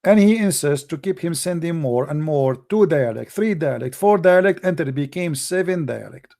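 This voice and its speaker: Man, Arabic accent, live debate host, emphatic, mocking, mellow tone. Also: on the high side, lively intonation, normal speed, creaky. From Middle East. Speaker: apologetics show host.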